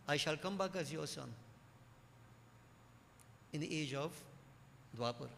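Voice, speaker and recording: A man voicing a calm, loving male deity as he retells a sacred story in a sermon. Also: a little high, unhurried, gravelly, slight background noise. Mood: solemn promise. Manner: gentle, reassuring, solemn. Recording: echoey hall with faint ambience.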